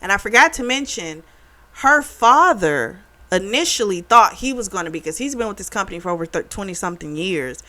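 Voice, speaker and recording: A woman talks through a book review in a relaxed, conversational way, with a voice of ordinary middle pitch. She retells the story with a chatty, animated delivery. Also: a little fast. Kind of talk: casual spoken book review.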